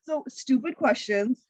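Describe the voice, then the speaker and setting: A woman guest on a podcast, a content creator and comedian, talking in a blunt, profane, animated way. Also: high-pitched, dry recording, low-quality recording. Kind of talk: casual interview chat.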